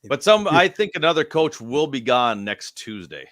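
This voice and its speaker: A man's voice: mid-range voice, sing-song, normal speed, a bit bright, dry recording, clean studio sound. A man co-hosting a casual sports chat, opinionated and emphatic as he argues his points. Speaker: co-host.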